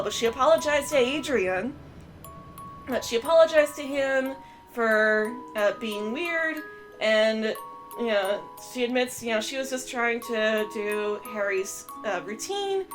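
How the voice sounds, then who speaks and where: A high-pitched woman talks through a cartoon episode in a loose, chatty recap. She stays animated and fills her sentences with "uh" and "you know". Faint music plays softly behind her voice. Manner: chatty, animated, with many fillers and quick quoted voices. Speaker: streamer reviewing a cartoon episode. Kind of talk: casual reaction and recap.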